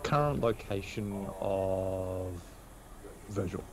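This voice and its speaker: A man playing a tabletop game, speaking plainly and matter-of-factly in a lowish voice. Clear chatter from other people runs behind him. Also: slow pace. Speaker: tabletop player. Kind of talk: in-character role-play.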